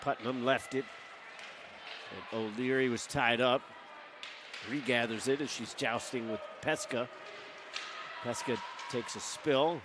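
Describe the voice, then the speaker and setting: A man calling live hockey play-by-play as the game's announcer, brisk and rising to shouts on big plays. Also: mid-range voice, steady tone, background noise. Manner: brisk, running call of the action that climbs to shouts.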